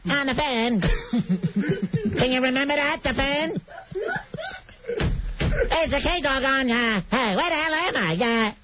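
A man doing a shrill ranting sports radio host. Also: measured pace, long pauses, a crowd in the background. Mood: rambling. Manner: mocking, insulting, rambling. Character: loud excitable male sports radio host. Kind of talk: comic radio impression. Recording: muffled radio audio with noise.

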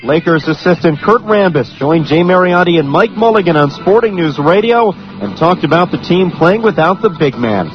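Brief: male sports newsreader, brisk, slightly high, dull radio sound. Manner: brisk, even news delivery. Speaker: sports newscaster. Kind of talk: scripted news read. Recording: dull radio broadcast with faint music.

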